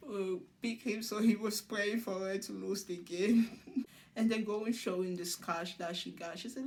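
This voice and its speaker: A woman's voice: medium pitch, steady tone, moderate pace, darkish tone, a little hiss or hum. A woman recapping a show episode in casual commentary, laughing often and acting out the cast's lines. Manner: laughs often while retelling scenes; acts out cast members' lines in quotes.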